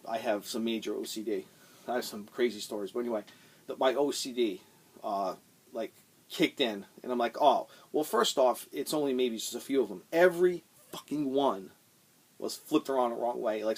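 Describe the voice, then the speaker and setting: A middle-aged man rants straight to the camera in a casual vlog, his voice sitting in a plain middle pitch. He curses freely and keeps circling back over the same points, stumbling and restarting as his temper rises. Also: breathy edge. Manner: heated, swearing, repeats himself. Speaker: channel host.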